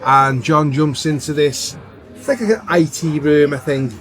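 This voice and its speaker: A man's voice: a little high, measured pace. Easygoing man recapping a film. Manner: easygoing, many fillers, points out plot holes. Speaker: podcast co-host. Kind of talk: casual film chat, recapping the plot.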